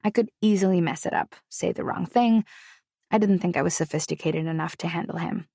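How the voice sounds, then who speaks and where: A woman's voice: fairly low pitch, a little fast, gravelly, mellow, no room sound, clean studio sound. A woman narrating a romance audiobook in the first person, intimate and confessional.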